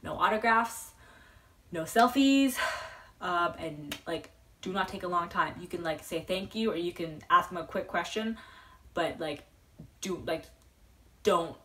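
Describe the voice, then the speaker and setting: A young woman telling a story as a vlogger, rambling and excitable, full of fillers. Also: fairly low pitch, unhurried, long pauses, a little hiss or hum. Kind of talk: casual storytelling. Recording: voice a bit far from the mic.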